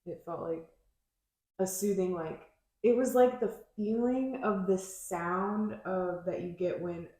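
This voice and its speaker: A woman's voice: medium pitch, slow pace, mellow. A woman podcast host in casual chat, rambling and searching for her words with many fillers. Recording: very echoey room.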